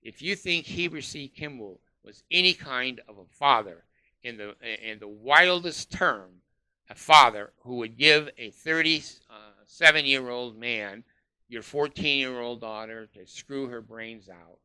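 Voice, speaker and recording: A man's voice: mid-range voice, measured pace, pushed and bright, smooth. A man delivering a scornful, profane ranting monologue, full of uh fillers. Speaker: commentator.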